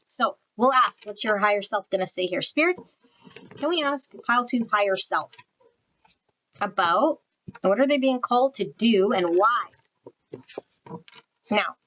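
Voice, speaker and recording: Speaking in a mid-range, fairly bright voice, a tarot reader leads a general pick-a-card session captured in low quality. She names the cards as she pulls them, channeling energy and phrasing things bluntly in spiritual terms.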